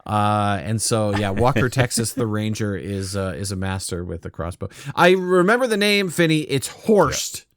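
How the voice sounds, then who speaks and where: A man hosts a gaming podcast in loose, rambling chat full of restarts. His pitch swings around a lot. The sound is dry and close. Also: lively intonation, normal speed, few pauses, no echo. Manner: rambling, restarts, laughs often. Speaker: podcast host. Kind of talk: casual chat.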